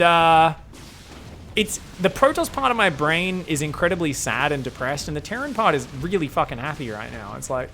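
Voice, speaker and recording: A man's voice: a little high, pushed and bright. A man streaming game commentary, rambling, joking and swearing freely.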